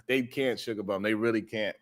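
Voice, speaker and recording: A man hosting a live-stream show, chatting casually with viewers in a loose, profane, joking way and laughing often. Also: medium pitch.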